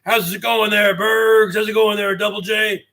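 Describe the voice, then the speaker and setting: A man's voice: sits high, moderate pace. A man mimicking another man who talks plainly, with no accent, and repeats the same greeting over and over. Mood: mocking. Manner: flat and repetitive.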